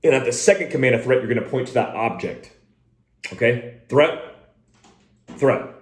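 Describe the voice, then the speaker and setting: A man's voice: medium pitch, expressive, fairly quick. A man teaching a hands-on shooting lesson as a firearms instructor, speaking directly and plainly and barking short drill commands. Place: indoor room with a door. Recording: roomy echo.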